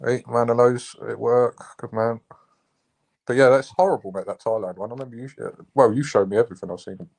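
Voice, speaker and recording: A young man talks casually on a live stream, getting heated and swearing a lot. He keeps calling his friend mate and bro. His voice sits at a middle pitch. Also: fairly quick, creaky. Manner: animated, sweary, calls people mate and bro.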